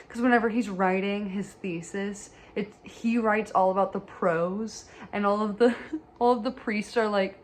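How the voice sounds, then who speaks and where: A woman's voice: medium pitch, fairly even intonation, a little slow. A woman giving casual, chatty movie commentary, gushing and joking as she talks. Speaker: movie reviewer.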